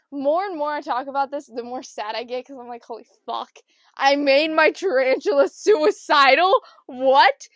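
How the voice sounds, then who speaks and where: A young woman telling comic stories about her pets, lively and swearing, acting out what people said. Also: sits high, gravelly, dry recording, studio quality. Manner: animated, swearing, acts out quotes with big swings in loudness. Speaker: storyteller. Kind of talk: comedic storytelling monologue.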